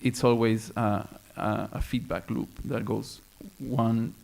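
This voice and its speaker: A man's voice: mid-range voice, flat delivery, takes it slowly, gravelly, darkish tone. A man speaking on a panel at a round-table discussion, thoughtful and hesitant, with many fillers and restarts.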